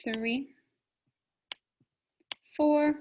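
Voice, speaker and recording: A woman leads a phonics lesson for young children, sounding out every letter with care. She speaks at a slow, deliberate pace in a fairly high voice, and she speaks clearly to the class. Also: steady tone, darkish tone, slight background noise, rough recording. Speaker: teacher.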